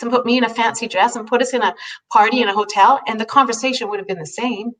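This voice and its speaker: A woman telling a heartfelt personal story in a halting way, often restarting her sentences. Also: fairly high pitch, fairly bright tone, far from the mic, rough recording. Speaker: host.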